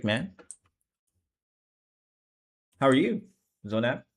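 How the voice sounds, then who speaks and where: A man's voice: on the low side, normal speed. A sleepy young man streaming as he draws manga, chatting casually in a rambling, laid-back way that keeps correcting itself. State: sleepy, low energy. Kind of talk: casual live-stream chat while drawing.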